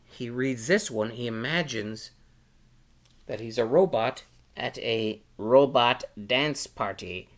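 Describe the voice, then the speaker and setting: A man reading a picture book aloud to children at storytime, animated and stopping to ask them questions. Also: mid-range voice, takes it slowly. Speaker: storytime reader.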